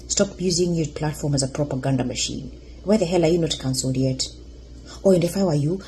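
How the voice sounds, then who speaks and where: A woman's voice: sits low, warm tone, a little hiss or hum, rough recording. A woman reacting to a clip with sarcastic, combative commentary. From Kenya.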